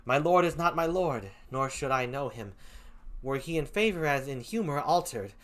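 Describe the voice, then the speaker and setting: A man voicing Desdemona, a gentle young noble wife, with an attempted English accent in an amateur Shakespeare reading. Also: medium pitch, animated, normal speed, lightly acted. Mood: sorrowful.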